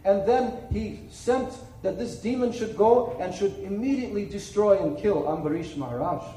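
A man tells a sacred story as a sermon, dramatically and with little checking asides. His voice is high and mellow. It is heard from a distance in a roomy, echoing space with faint ambience. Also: slight background noise. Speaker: spiritual speaker. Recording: echoey room, distant mic, faint ambience.

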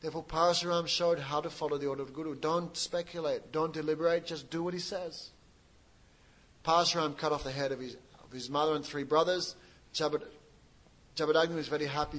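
A man preaching a sermon, retelling a sacred story with lively asides and questions to his listeners. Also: on the high side, fast, low-quality recording. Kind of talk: sermon with retold scripture story.

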